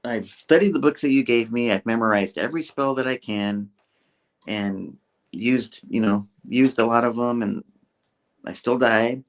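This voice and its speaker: A man's voice: medium pitch, a little slow, natural voice. A man voicing an anxious, earnest young male hero in a hesitant, stammering way.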